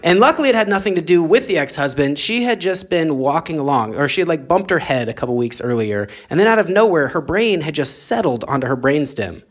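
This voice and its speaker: A man's voice: animated, fairly quick, few pauses. A man doing a stand-up comedy set on a club stage into a handheld mic, wry and drawling. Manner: wry, drawling delivery that climbs into high shouting rants. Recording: live club recording with loud audience laughter.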